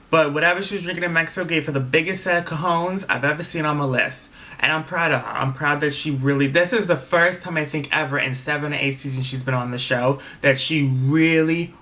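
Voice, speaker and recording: Man, bright tone, casual TV recap vlog, swears a lot, repeats for emphasis. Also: medium pitch. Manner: candid and opinionated, swears freely, repeats himself for emphasis. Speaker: reality TV recap vlogger.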